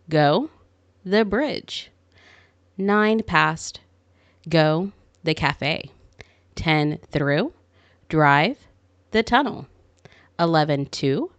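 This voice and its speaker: A woman's voice: fairly low pitch, no echo. A woman teaching an English lesson, reading numbered examples in a careful drill cadence. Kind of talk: slow, deliberate language lesson reading.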